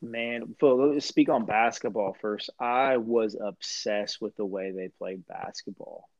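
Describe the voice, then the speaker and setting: A young man from Central Illinois talks with a slight rural Midwestern twang, low-pitched and animated. He laughs easily as he tells his stories. The audio is dry and a bit muffled. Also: a little slow, creaky, no echo. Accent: rural Midwestern US, slight country twang. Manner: animated storyteller, laughs often. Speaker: podcast guest, former basketball player. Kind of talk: casual chat.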